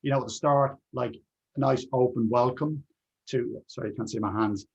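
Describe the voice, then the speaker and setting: A man's voice: medium pitch, normal speed, vocal fry, slightly rough, rough recording. A man being interviewed as a presentation skills trainer, answering in an earnest conversational way and repeating key words for emphasis.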